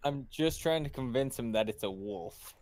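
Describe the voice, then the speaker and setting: A man's voice: mid-range voice, animated, moderate pace, a little mellow. A man playing a tabletop game, easygoing and a little hesitant in casual chat at the table. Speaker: player.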